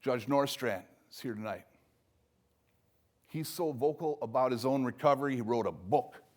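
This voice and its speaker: An older man giving a motivational speech, emphatic, with loud punchy lines that drop to soft, low asides. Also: moderate pace. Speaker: speaker at a recovery event.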